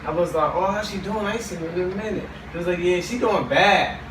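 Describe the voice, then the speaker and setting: A man's voice: high voice, quick pace. A man on a podcast telling a rambling family story in casual chat, often asking if listeners follow him. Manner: rambling, repeats "you feel me". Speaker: podcast co-host. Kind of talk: casual storytelling among friends. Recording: echoey room, distant mic, noisy.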